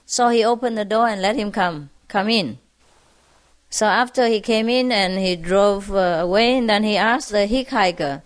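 A woman telling humorous stories to an audience, chuckling often between them. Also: medium pitch. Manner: chuckling, unhurried. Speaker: storyteller.

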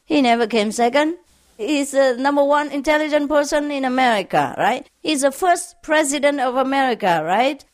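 A woman's voice: sits high, lively intonation, moderate pace, no room sound, studio quality, voice pushed up. A woman voicing a teammate who makes an earnest, persuasive argument. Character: eager teammate making a proud argument.

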